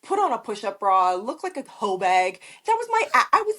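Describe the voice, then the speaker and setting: A woman's voice: medium pitch, sing-song, moderate pace, fairly bright tone. A woman talking bluntly as a podcast guest, swearing freely and laughing often. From Canada. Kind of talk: casual interview chat.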